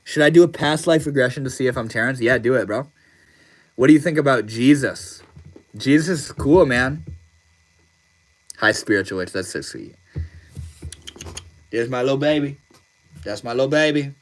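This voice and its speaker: A man's voice: medium pitch, lively intonation, moderate pace, long pauses. A man hosting a casual livestream, reading viewer comments aloud and answering them in a laid-back, slangy way. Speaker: livestream host.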